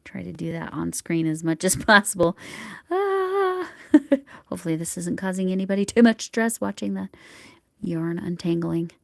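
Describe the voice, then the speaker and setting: A woman hosting a crochet livestream at home, chatting casually as she works and murmuring soft whispered asides to herself. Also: fairly low pitch, fairly even intonation, normal speed, vocal fry, dry recording, clean studio sound. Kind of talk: casual live chat while crocheting.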